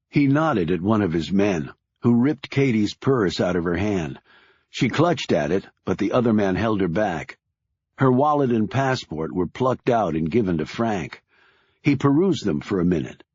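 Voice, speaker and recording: A man giving measured, deliberate scripted audiobook narration. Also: lowish voice, very animated, a little mellow, husky, no room sound, highs cut off.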